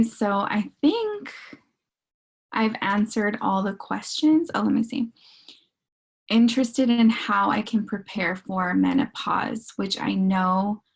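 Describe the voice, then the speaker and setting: A woman leading a workshop in casual talk, answering questions from the group. She rambles, restarts her sentences and leans on filler words. Her voice sits at an ordinary middle pitch. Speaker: podcast host leading a workshop.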